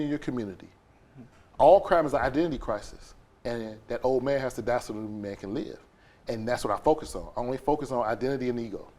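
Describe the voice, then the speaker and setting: A man with a mid-range voice, a guest on a podcast, recounts an emotional personal story with animation. He performs the scenes, quoting voices and adding sound effects.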